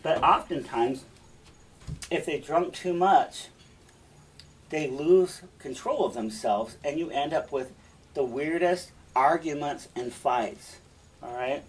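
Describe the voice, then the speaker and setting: A man's voice: on the high side, slow pace. A man teaching, chatting casually about a play he is reading to students, with asides, heard from a distance off the mic.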